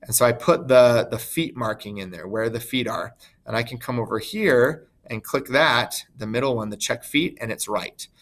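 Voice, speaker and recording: A man's voice: mid-range voice, normal speed, few pauses. Casual man teaching a screen lesson. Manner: relaxed, informal, many ums and uhs. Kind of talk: recorded online lesson, screen demonstration.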